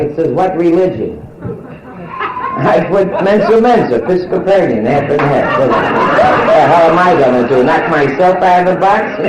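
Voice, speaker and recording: An older woman doing bawdy nightclub stand-up, teasing and bantering with the crowd in a brassy way. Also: deep voice. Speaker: stand-up comedian. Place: nightclub stage. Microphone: handheld steel mic. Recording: roomy live club recording with audience.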